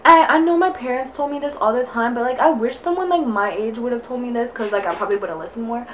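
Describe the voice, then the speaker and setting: A woman's voice: fairly high pitch, fast talker, slight background noise. A young woman vlogging in casual chat while getting ready, out of breath and rambling with constant fillers. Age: young adult. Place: indoors at home, getting ready.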